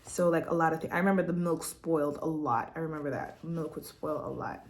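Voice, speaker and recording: A woman's voice: sits low, fairly even intonation, brisk. Candid, heartfelt young woman from Quebec. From Quebec, Canada. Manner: candid, heartfelt, chatty, often laughing. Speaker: vlogger. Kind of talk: personal testimony vlog. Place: at home, seated at a laptop.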